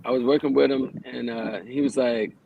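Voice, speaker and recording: A man's voice: medium pitch, fairly even intonation, normal speed, creaky, breathy edge, phone-quality sound. Casual man in his forties, plainspoken. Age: 40s. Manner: conversational, plainspoken, swears casually. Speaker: yoga teacher and guest. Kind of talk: casual radio interview storytelling.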